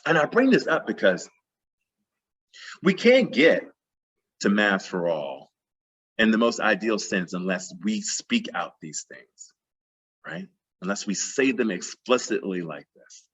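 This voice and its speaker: A man's voice: lowish voice, very animated, a little slow, pauses often, a bit bright, breathy edge. A man giving a plenary talk at a math conference, passionate and emphatic, repeating phrases for emphasis. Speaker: plenary speaker.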